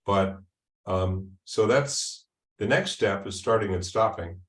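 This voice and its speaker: A man with a fairly low voice presents a software demo at a user group meeting, talking casually and haltingly with ums and restarts. The room sounds echoey.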